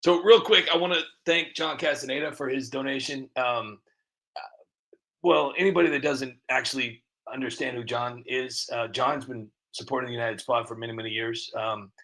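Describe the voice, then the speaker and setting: A man's voice: mid-range voice, fairly even intonation, moderate pace, bright, forceful tone. A man hosting a live stream who rambles in a casual, sarcastic, self-mocking way between clips. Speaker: streamer host.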